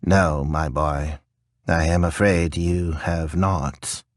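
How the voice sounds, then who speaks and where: A man reading an audiobook, voicing a kindly, stooped old male priest who talks in a slurred, creaky, gentle way. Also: low-pitched, unhurried, no room sound, studio quality. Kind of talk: audiobook character voice.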